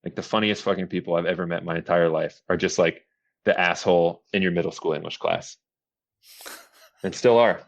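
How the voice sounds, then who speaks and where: A man's voice: low voice, steady tone, brisk, highs cut off. A man from the Boston area, a filmmaker guest on a podcast, chatting casually and laughing often. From Boston area, USA. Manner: laid-back, swears casually, laughs often. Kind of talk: casual chat.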